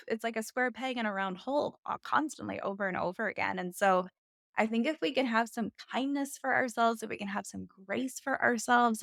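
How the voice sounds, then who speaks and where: A woman's voice: on the high side, fairly bright tone, no echo, studio quality. A woman author speaking as a podcast guest, reassuring and encouraging as she talks about goals. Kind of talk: casual interview chat.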